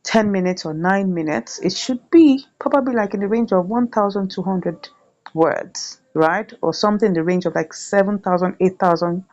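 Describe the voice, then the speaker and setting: A woman's voice: medium pitch, moderate pace, a little mellow, lo-fi sound. A woman hosting a chatty screen-share tutorial, often checking in with "right?". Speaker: YouTube tutorial host.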